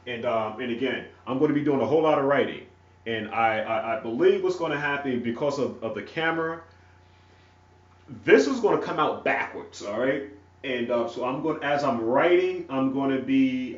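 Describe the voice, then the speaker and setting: A man with a rural North Carolina accent teaching a religious lesson. He talks in halting, repeated phrases and keeps checking in with "all right?". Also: mid-range voice. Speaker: ministry teacher. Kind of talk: teaching a religious lesson while writing on a board. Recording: echoey room, far from mic, dull lo-fi.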